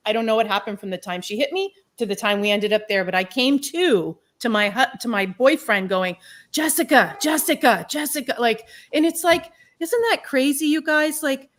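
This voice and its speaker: A middle-aged woman telling her own life story on a podcast panel, candid and animated, laughing through the hard parts. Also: on the high side, moderate pace, few pauses. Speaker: podcast guest. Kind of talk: personal storytelling in a round table talk.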